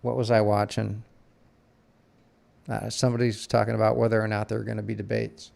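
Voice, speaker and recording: Gravelly man giving blunt opinions. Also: on the low side, monotone, a little mellow. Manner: opinionated, restarts sentences, deliberate. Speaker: podcast co-host. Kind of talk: casual chat.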